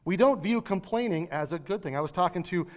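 A man preaching a sermon in a church, conversational, with animated asides. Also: sits high, fairly quick, in a large hall.

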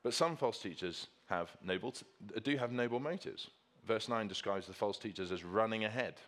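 A man's voice: on the low side, moderate pace, a bit bright. A man preaching a sermon with slides, earnest and emphatic, repeating key phrases for stress.

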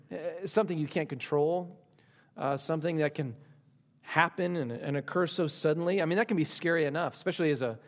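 Emphatic man preaching a sermon. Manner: emphatic, repeats phrases for stress; speaks slowly on key lines and rises in pitch for emphasis. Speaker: pastor.

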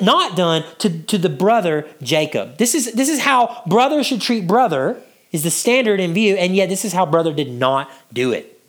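A male preacher giving an expository sermon, teaching verse by verse, asking the congregation questions and dropping to a hush to draw them in. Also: sits high. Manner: drops to a hushed voice to draw listeners in.

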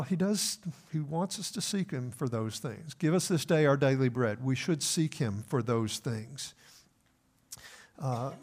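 A man's voice: mid-range voice, darkish tone. Man preaching an earnest sermon. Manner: earnest preaching, slows down for emphasis, repeats words. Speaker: pastor.

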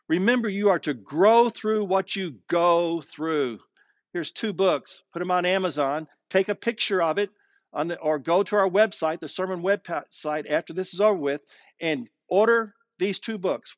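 A male pastor preaching a streamed sermon, slowing down and dropping his voice low to stress key words. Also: no room sound, lo-fi sound. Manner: expressive preaching, slows down and drops low for emphasis. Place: streamed sermon with online chat.

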